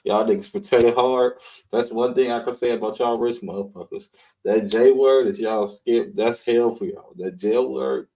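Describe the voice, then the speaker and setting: A man's voice: medium pitch, fairly even intonation, moderate pace, warm tone, low-quality recording. A man hosting a live online show, riffing in blunt, mocking casual commentary and swearing freely.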